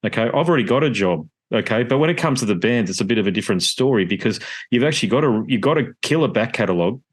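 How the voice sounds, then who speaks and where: A man's voice: medium pitch, expressive, very fast. A man hosting a podcast interview, rambling and opinionated, with casual swearing. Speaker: podcast host.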